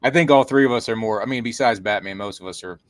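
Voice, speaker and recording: A male podcast co-host talks in a casual, halting way, often restarting and repeating words. His voice sits a bit low, and the recording is dry and close. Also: dry recording. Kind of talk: casual interview chat.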